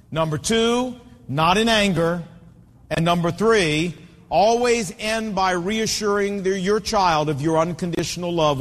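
A man's voice: sits high, fairly bright tone, long reverb tail. A man in his fifties preaching a sermon with an emphatic, repetitive cadence. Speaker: pastor.

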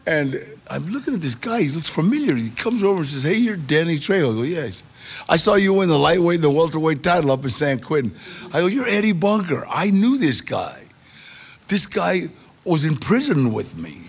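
Gravelly man telling a story, lively pitch. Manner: gravelly, acts out dialogue in short quoted exchanges. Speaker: guest telling his life story.

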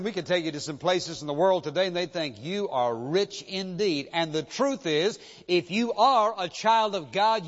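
A middle-aged man preaches in a large church, his voice pitched high and carrying into a long reverb. He leans on slow, emphatic repetition to drive each point home. The recording sounds dull and muffled. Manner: emphatic preaching with drawn-out repeated phrases. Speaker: pastor. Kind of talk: sermon.

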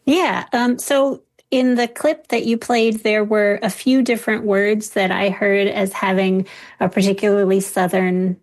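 A woman linguist speaking as a radio guest, explaining in a clear, measured way. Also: mid-range voice, fairly even intonation. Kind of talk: explanatory interview talk.

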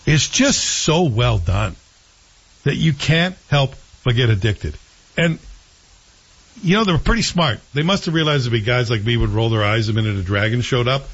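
A man's voice: mid-range voice, expressive, normal speed, breathy edge, muffled recording. A male host chatting casually and with strong opinions, rambling and correcting himself as he goes. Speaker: show host reviewing TV series. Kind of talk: casual chat.

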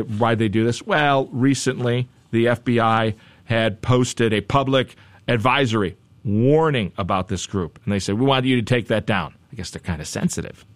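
A man's voice: medium pitch, fairly bright tone, no room sound. A man hosting news talk, giving conversational commentary with wry, chatty asides and repeated phrases.

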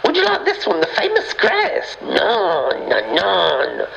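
A chatty shopkeeper woman, voiced by a man, tells her tale with a gravelly edge. Her pitch leaps all over the place as she mimics the people around her. The sound is a touch dull and lo-fi. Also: normal speed, full character voice. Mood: gossipy. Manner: animated storytelling, shrill mimicking of others. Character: chatty gossiping female shopkeeper Nolene. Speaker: recurring comic character.

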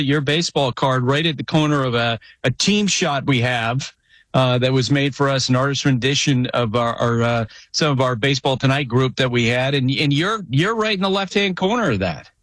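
A man's voice: mid-range voice, normal speed, fairly bright tone, dry recording. A man hosting a casual sports chat, telling stories with frequent restarts. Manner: conversational, frequent restarts, storytelling. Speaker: podcast host.

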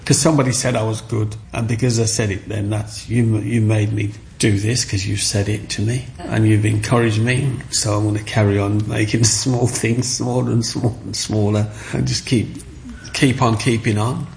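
An older man, telling stories from his childhood in an interview with animated, storytelling energy. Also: fairly low pitch, normal speed, gravelly, a little hiss or hum. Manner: animated storyteller, acts out the voices of others.

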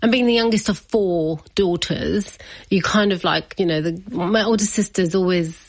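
A woman's voice: on the low side, moderate pace, no room sound. A woman, a guest in an interview, telling a personal family story with lots of laughter. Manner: animated, laughs often, acts out family members' voices.

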